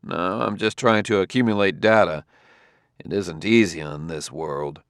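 A man's voice: low-pitched, a little slow, fairly bright tone, no room sound, clean studio sound. A man as a stern, tired detective. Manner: stern, reasoning and terse. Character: stern, tired middle-aged male detective. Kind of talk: audiobook character voice.

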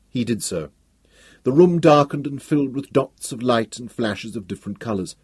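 Husky-voiced man narrating a novel. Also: mid-range voice, no room sound. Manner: measured, expressive reading. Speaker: audiobook narrator. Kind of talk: scripted narration.

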